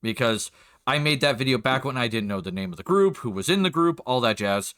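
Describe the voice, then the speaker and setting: A man's voice: mid-range voice, animated, brisk, a bit bright, clear, resonant tone. A man, a game master and streamer, chatting casually and rambling as he sets up the session. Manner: rambling, chatty, self-interrupting.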